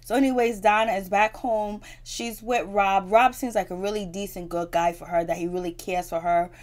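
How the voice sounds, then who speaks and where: A woman talks through a TV episode in a loose, chatty recap full of slang. She retells scenes with laughing asides. Her voice sits at a middle pitch for a woman. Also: fairly even intonation, normal speed. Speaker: TV recap vlogger. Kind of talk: casual recap commentary.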